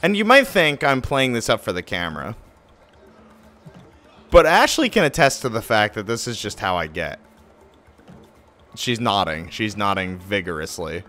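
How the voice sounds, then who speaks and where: A man live streaming a game from home, ranting and cursing, swinging between shouts and muttering. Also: lowish voice, sing-song, moderate pace, pauses often, faint music behind. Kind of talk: profane rant-style game commentary.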